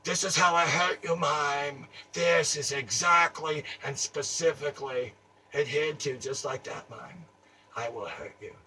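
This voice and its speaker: A man doing an improvised comic monologue, taunting someone in a theatrical voice that swings from mutters to shouts. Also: a little high. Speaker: comedic performer. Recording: distant mic, faint ambient noise.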